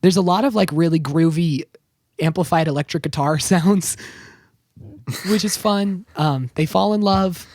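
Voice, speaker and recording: A man's voice: fairly high pitch, unhurried, darkish tone, no echo, clean studio sound. A man with a strained voice, recapping a film plot with sarcastic asides and laughter in a casual podcast chat. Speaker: podcast co-host.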